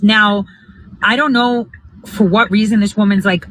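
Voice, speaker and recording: A woman's voice: medium pitch, normal speed, a bit bright, rough recording. A woman talking casually to her viewers while out getting coffee, blunt, emphatic and often swearing. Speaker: political organizer vlogger. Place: out and about heading to a coffee drive-thru.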